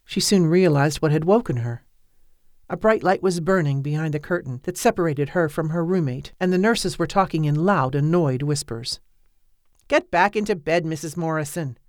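A woman narrating a novel as an audiobook in a measured, even manner. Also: deep voice, dry recording, studio quality.

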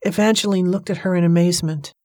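A woman with a fairly low voice reads an audiobook novel in a measured, even storytelling style. It's scripted narration, recorded dry with clean studio sound.

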